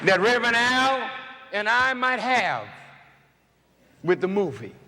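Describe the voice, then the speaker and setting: High-voiced man preaching in a reverberant hall. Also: big pitch swings, a crowd in the background. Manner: deliberate, building to shouted peaks. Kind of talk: impassioned speech. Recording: archive recording with long hall reverb and faint noise.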